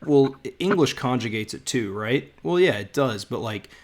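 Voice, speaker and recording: A man's voice: mid-range voice, animated, moderate pace. A man hosting a live podcast over a video call, chatting casually and reading out viewer comments. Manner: conversational, reads out viewer comments. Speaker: podcast host.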